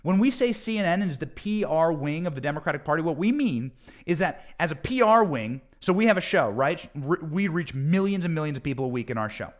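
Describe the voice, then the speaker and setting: A man's voice: on the high side, animated, fairly quick. An American man hosting a political commentary show, talking emphatically and sarcastically and repeating points for effect. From United States. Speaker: host.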